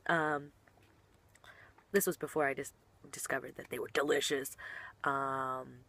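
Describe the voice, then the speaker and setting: A woman's voice: very deep voice, flat delivery, a little slow, a bit bright. A young woman, a professional wrestler, chatting casually while answering online questions, bubbly and giggly and often trailing off mid-sentence.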